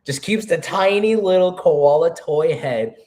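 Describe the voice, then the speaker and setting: A man's voice: fairly high pitch, animated, darkish tone. A man co-hosting a casual live stream, playfully jumping in with ideas. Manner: playful, quick to jump in with ideas. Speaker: co-host.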